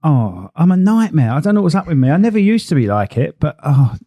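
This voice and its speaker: A man's voice: fairly high pitch, very animated, brisk, mellow, no room sound. A man, co-hosting a podcast in a casual, rambling, self-mocking way. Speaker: podcast co-host. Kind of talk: casual chat.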